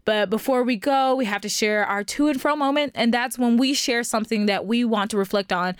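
A young woman with an East Texas accent co-hosting a podcast, casual, teasing and quick to laugh. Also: on the high side, clear, resonant tone, no echo, clean studio sound. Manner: playful, teasing, laughs often. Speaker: podcast co-host. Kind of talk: casual chat.

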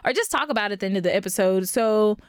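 A young woman with an East Texas accent co-hosting a podcast, casual, teasing and quick to laugh. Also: mid-range voice, expressive, clean tone, no room sound, studio quality. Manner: playful, teasing, laughs often. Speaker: podcast co-host. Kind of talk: casual chat.

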